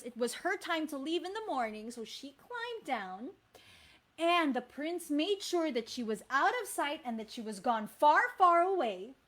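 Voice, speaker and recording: A woman with a Filipino accent telling a fairy tale live to children and talking to them directly. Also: sits high. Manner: animated, addresses the kids often. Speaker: children's storyteller. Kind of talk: live storytelling for kids.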